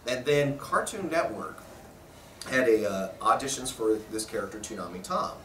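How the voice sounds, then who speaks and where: Animated man in an echoey convention room. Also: on the low side, moderate pace, a little hiss or hum. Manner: animated, laughing, acts out voices in his stories. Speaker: voice actor at a convention press interview. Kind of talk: casual storytelling interview. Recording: roomy echo, mic at a distance.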